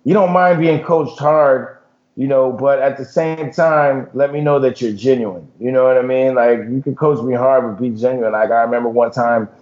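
Relaxed ex-player co-host, casual sports talk, mid pitch, slightly muffled sound. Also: male voice, moderate pace. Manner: relaxed, lots of "you know" and "man". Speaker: podcast co-host, former football player.

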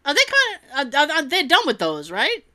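A woman's voice: sits high, wildly swooping pitch, a little fast, pushed and bright. A woman chatting casually and reading out funny stories, giggling and acting out quotes in silly voices.

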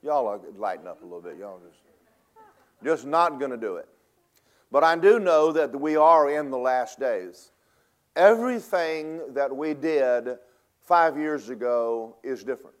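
A man preaching a sermon in a folksy, emphatic way, swinging between loud and soft and fast and slow for effect. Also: mid-range voice, lively intonation. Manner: folksy, emphatic, varies loudness and pace for effect.

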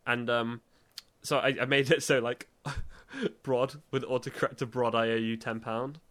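A young man, co-hosting a podcast in casual chat, full of stammered restarts and quick laughs. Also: medium pitch, steady tone, fairly bright tone. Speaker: podcast co-host.

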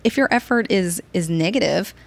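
A woman's voice: fairly low pitch, moderate pace, vocal fry. A woman guest on a podcast who explains her ideas earnestly and with animation, often adding "you know". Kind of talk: casual conversational interview.

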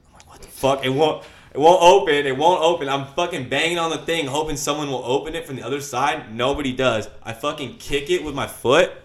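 A young man telling a story in a casual chat, swearing freely and acting out his panic with loud shouts. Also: on the high side, brisk. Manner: profane, animated storyteller with shouted reenactments.

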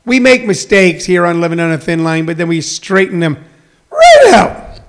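A man's voice: a little high, a little fast, a bit bright, smooth. A man hosting a live talk show, reading viewer comments and rambling along with jokes and frequent fillers. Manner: rambling and joking, many fillers.

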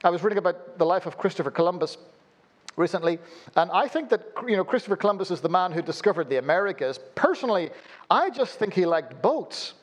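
A man preaching a sermon as a pastor, telling humorous stories and dropping suddenly to a low, quiet voice. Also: expressive, quick pace.

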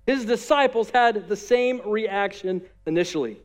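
A male pastor preaching a sermon to his church, lively and animated, often acting out the voices of the people he quotes. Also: high-pitched, measured pace. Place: church room with live audience.

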